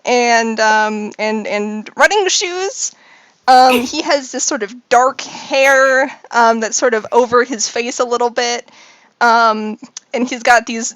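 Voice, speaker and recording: Woman game master for a tabletop game. Rambling, filler-heavy narration, high animated pitch, dry sound. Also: no echo.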